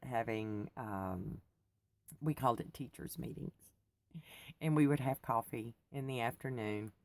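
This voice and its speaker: A woman from the United States, chatting casually and rambling to her viewers in a vlog, laughing often. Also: very deep voice. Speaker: vlogger. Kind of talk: casual chat to camera.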